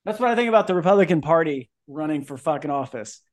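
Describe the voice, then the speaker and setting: A man's voice: on the high side, expressive, fast talker. A man hosting a podcast in casual chat, joking and ranting with lots of swearing. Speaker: podcast host.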